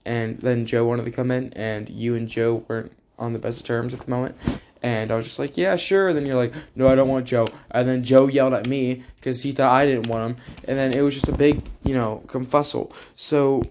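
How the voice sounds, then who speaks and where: A man's voice: medium pitch, level tone, brisk, a little mellow, a little hiss or hum. A teenage boy giving a rambling, joking tribute to a friend, full of fillers and asides. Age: teens. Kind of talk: casual spoken tribute to a friend.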